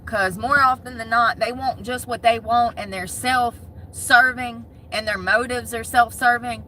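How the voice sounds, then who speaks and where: A woman with a Southern US accent talks in a bright, tense, forward voice, frank and animated, cussing freely. She sits higher than most women. Faint car noise hums behind her. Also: a little slow. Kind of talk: casual chat.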